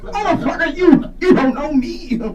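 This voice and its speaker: A woman doing an impression of a loud, bossy older actress who brags and scolds. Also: normal speed, distant mic, lo-fi sound, a crowd in the background. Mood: scolding. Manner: booming, bossy, shouting. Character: loud brassy older actress diva, self-promoting. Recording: roomy stage mic with audience.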